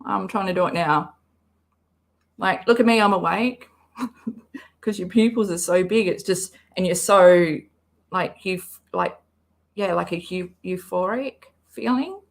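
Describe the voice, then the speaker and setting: A woman talks slowly and easily as she hosts a live reaction stream. She rambles from one thought to the next in a casual, chatty way and reads the chat aloud as she goes. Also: mid-range voice, vocal fry. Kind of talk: casual livestream commentary.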